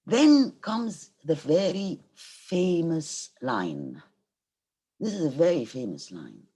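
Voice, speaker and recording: A woman's voice: sits low, sing-song, takes it slowly, mellow, breathy edge. A middle-aged Egyptian woman, a native Arabic speaker, giving a university literature lecture. She reads verse aloud, then explains each line and glosses it in Arabic.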